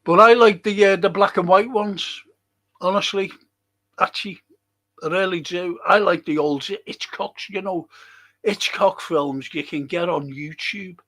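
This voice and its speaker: Slow, grumbling older English host. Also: male voice, high voice, a bit bright. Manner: grumbling, swears a lot, moaning. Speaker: livestream host. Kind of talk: casual live chat reading viewer comments.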